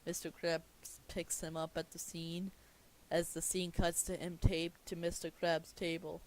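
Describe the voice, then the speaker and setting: A man's voice: on the high side, monotone, measured pace, a little hiss or hum. A young man reading a cartoon movie script aloud for laughs, often stumbling, restarting and commenting on the text. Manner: stumbling, amused, self-interrupting. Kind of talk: comedic script read-through.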